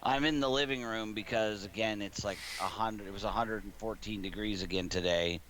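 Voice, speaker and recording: A man's voice: lowish voice, fairly even intonation, a little fast, a bit bright. A man in his thirties, gaming streamer, telling a rambling story in casual chat from his living room and laughing often.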